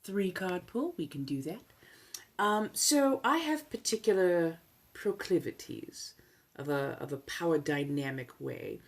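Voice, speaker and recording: A woman hosting an ASMR livestream puts on a 1700s colonial American accent, her voice strikingly low. Soft-spoken and talkative, she's expressive and unhurried, teasing in a playful way and frequently laughing.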